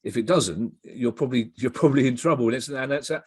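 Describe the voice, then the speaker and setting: A man's voice: mid-range voice, quick pace, a little mellow, husky, no echo, clean studio sound. A middle-aged man, a comedy writer chatting as a guest, telling stories in a rambling way and often restarting his sentences. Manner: rambling anecdotal storyteller, self-interrupting. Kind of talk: casual interview chat.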